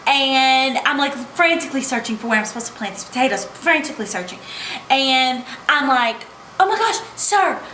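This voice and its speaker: A woman's voice: high-pitched, normal speed, bright, forceful tone. A young American woman vlogging casually, gushing and bubbly, full of "like" and "oh my gosh". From United States. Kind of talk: casual travel storytime vlog. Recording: echoey room with faint background noise.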